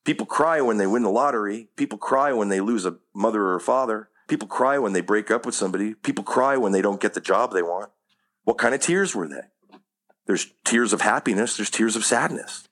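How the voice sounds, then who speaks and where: A man's voice: fairly low pitch, animated, brisk, a bit bright. A man talking as an acting coach in a casual interview, rambling with lots of "you know what I mean" and casual swearing.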